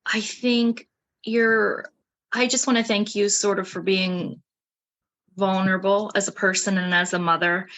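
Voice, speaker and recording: A woman's voice: mid-range voice, a bit bright. A woman hosting a conversational interview, affirming and encouraging toward her guest. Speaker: podcast host.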